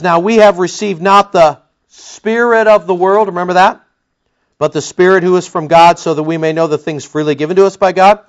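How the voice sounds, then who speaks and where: A man preaching an expository Bible-teaching sermon in a conversational, wry way, with sarcastic asides and emphatic bursts. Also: sits high. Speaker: pastor. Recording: dull lo-fi sound.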